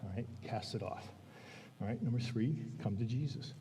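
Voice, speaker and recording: Mellow-voiced man preaching in a reverberant church. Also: medium pitch, moderate pace, distant mic, slight background noise. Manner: conversational, keeps checking in with "all right?". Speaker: guest preacher. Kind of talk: sermon. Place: church sanctuary. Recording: long church hall reverb.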